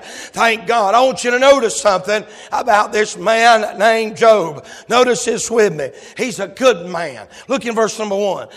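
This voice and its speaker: A man preaching a fervent sermon, filling it with "uh" and "amen" and breaking into shouts. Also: high-pitched, unhurried. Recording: long hall reverb.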